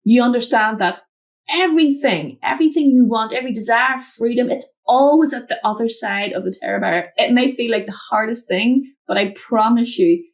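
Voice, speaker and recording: Animated woman telling a story. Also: a little fast. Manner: animated, acts out quotes with big pitch jumps. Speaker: mindset mentor, guest. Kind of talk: storytelling in an interview. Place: her home office desk.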